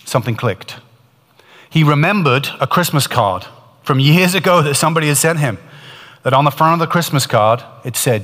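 A man's voice: fairly high pitch, animated, normal speed, fairly bright tone, in a large hall. A man preaching, retelling a testimony in earnest, building storytelling with frequent restarts. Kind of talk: storytelling sermon.

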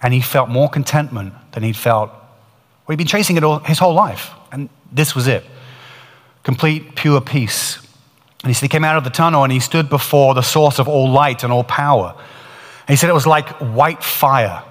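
Earnest male preacher, mid-pitched, storytelling sermon; long reverb of a hall. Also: normal speed. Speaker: preacher retelling a testimony.

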